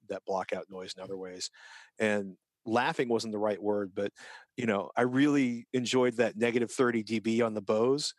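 Guy with a lowish voice rambling about gadgets, dry close mic, keeps restarting sentences. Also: dry recording. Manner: rambling, self-interrupting, chuckling. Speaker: co-host. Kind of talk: casual podcast chat.

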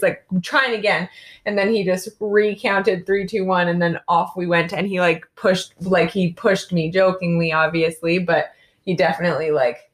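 A young woman from Canada, co-hosting a casual chat and telling animated travel stories, full of "like" and "basically". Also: mid-range voice, moderate pace. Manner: animated storytelling with lots of "like" and "basically". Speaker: co-host recounting travels.

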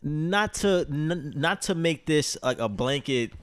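A man's voice: a little high, animated, slow pace, dry recording. Slangy casual man, dry close sound. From Ghanaian family. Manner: loose, profane, slangy. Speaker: podcast co-host. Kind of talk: casual chat.

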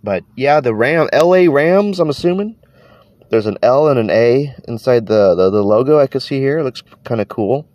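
A man's voice: medium pitch, expressive, normal speed, a little mellow, no echo. A man hosting a casual podcast, talking with a stuffy nose from allergies, tired, rambling and swearing as he trails off. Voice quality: congested, nasal. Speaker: podcast host.

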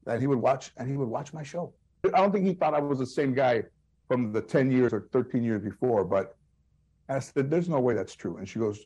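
A man with a Chicano English accent, a comedian guest telling animated anecdotes full of quoted voices and restarts. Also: medium pitch, moderate pace, husky. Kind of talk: storytelling interview.

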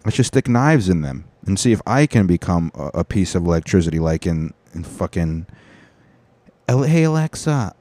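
A man's voice: low voice, sing-song, normal speed, dark tone, dry recording. A man voicing a reckless, foolish little kid with eager, naive talk.

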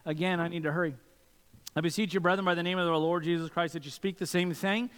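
A man's voice: sits high, fairly even intonation, fast talker, clear, resonant tone. A man preaching a sermon as pastor, earnest and asking many rhetorical questions. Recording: long reverb from a church hall.

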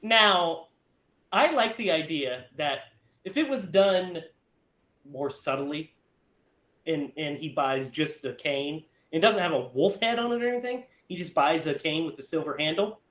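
Animated high-voiced man in an echoey room. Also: a little slow. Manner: animated, laughs often, recaps plots. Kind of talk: casual movie discussion.

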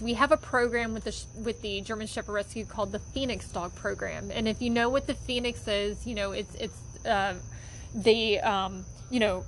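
With a medium-pitched, fairly bright voice, the woman chats about the dogs she has fostered, using lots of fillers and growing emotional as she goes. The audio is poor, with a slight hiss or hum.

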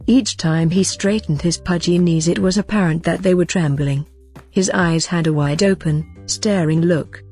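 Husky low-voiced woman narrating. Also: mellow. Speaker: audiobook narrator. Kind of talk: scripted narration.

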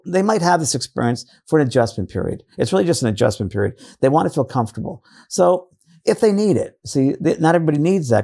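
Gravelly, husky man telling stories. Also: on the high side, darkish tone. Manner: earnest storytelling with frequent restarts. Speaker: psychic medium guest. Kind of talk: casual interview talk.

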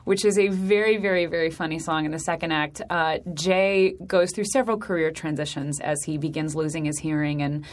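A woman's voice: sits low, fairly even intonation, a little fast, few pauses. A woman, an actor in a stage musical, chatting casually as an interview guest and laughing easily.

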